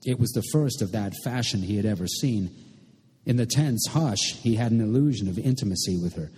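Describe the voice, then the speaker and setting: A man narrating a novel in an audiobook, reading in a measured, literary way. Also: on the low side, a little mellow, slightly rough, big-room sound.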